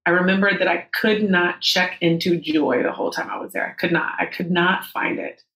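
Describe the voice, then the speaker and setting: A woman's voice: fairly low pitch, a little fast, fairly bright tone. Woman, 30s, podcast guest, candid storytelling, frank swearing, echoey room. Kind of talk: personal storytelling in a podcast interview. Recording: roomy echo.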